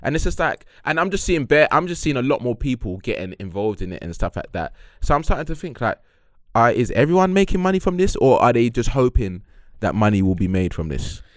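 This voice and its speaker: A young man, co-hosting a podcast in casual chat, animated and quick to repeat himself. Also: medium pitch, no echo, studio quality. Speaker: podcast co-host.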